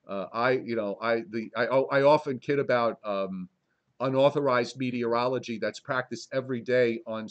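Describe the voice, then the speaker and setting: A male meteorologist gives a casual public talk in a library presentation room. His voice sits at an ordinary middle pitch. He rambles a bit and restarts often, slipping in dry, wry jokes.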